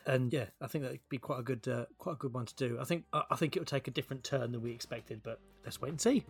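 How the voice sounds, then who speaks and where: A man on a podcast, cheeky and giggling between lines. His voice sits at an ordinary mid pitch, easygoing and chatty. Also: quick pace, breathy edge, soft background music. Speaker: podcast co-host. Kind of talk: casual chat.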